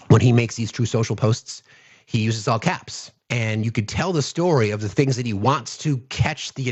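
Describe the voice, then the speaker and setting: A man's voice: mid-range voice, husky, muffled recording. A man doing casual political commentary on a live stream, blunt and sarcastic, cursing freely.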